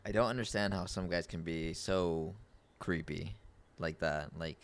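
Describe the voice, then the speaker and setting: A man's voice: deep voice, unhurried, clear, resonant tone. A man co-hosting a casual podcast chat, wry and sarcastic.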